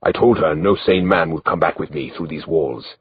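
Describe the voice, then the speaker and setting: Wry guarded guide, broken accent, dry delivery, low register, read by a male narrator; dull recording, faint hiss. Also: moderate pace.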